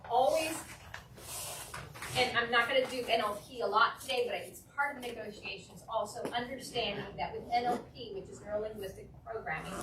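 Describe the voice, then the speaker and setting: A woman teaching a live real estate negotiation class to an audience, talking in a lively way and acting out phone calls. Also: fairly high pitch. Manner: lively, acts out phone calls and client replies. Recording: echoey room from a distance, faint noise.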